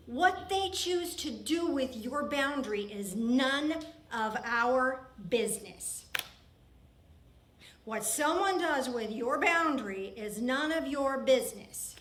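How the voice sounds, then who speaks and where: Woman pastor preaching, earnest, repeats herself for emphasis, highish voice, roomy echoey church. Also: expressive, slow, a bit bright. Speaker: minister. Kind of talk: sermon. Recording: roomy church hall with faint ambience.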